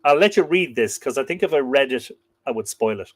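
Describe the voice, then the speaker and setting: A man's voice: mid-range voice, lively intonation, fairly quick, dry recording. A man with an Irish accent hosting a casual live stream, playfully reading out and answering viewer comments. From Ireland.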